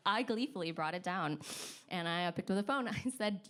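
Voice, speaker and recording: A woman telling a funny personal story live on stage, in a chatty, self-deprecating way. She laughs often between lines, and her voice sits at a middle pitch. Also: normal speed, pauses often, fairly bright tone.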